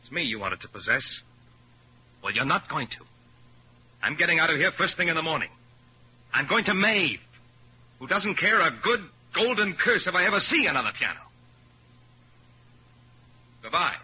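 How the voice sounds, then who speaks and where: A man's voice: a little high, sing-song, normal speed, long pauses, sharp tone, slightly rough, exaggerated voice. A man playing a bitter young pianist in a 1950s radio drama, talking with scorn and sarcasm. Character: bitter young male pianist rejecting his career. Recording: lo-fi old radio recording.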